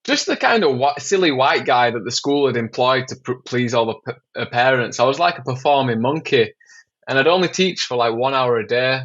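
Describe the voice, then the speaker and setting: A man from England, a documentary filmmaker, guesting on a podcast and telling stories in an animated, casual way, swearing a lot and often saying "man". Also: mid-range voice, brisk, muffled recording. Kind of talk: casual storytelling.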